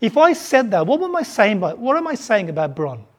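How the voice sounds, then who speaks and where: A preacher from Birmingham, England, with a softened Birmingham accent, delivering a sermon and putting questions to the congregation, often repeating words while thinking. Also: mid-range voice, sing-song, brisk. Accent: softened Birmingham English.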